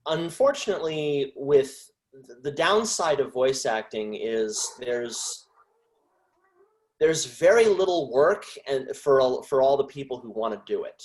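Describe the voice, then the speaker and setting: A man who acts voices speaks as an interview guest, with a mid-range pitch. He talks in a halting, casual way, restarting and trailing off his phrases as he thinks aloud. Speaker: guest voice actor.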